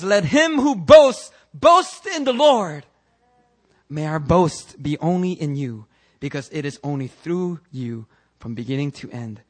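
A male pastor preaching a fervent sermon that rises into shouting, then leading prayer. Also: a little high.

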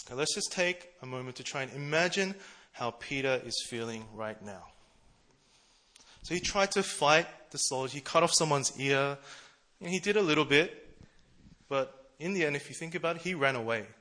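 A man preaching a casual, conversational sermon, chatty and quick to laugh at himself. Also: a little high, lively intonation, bright, forceful tone. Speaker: preacher, church treasurer.

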